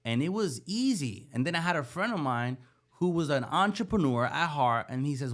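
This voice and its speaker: Animated storytelling man. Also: a little high, moderate pace. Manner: animated, acts out the voices in his stories. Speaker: podcast guest. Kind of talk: storytelling in casual conversation.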